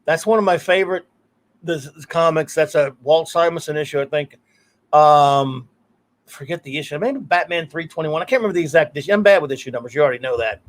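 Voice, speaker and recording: A male podcast host talking in a casual, meandering way. His voice sits a little high for a man, and he often circles back and restarts his sentences. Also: a little fast. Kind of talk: casual chat.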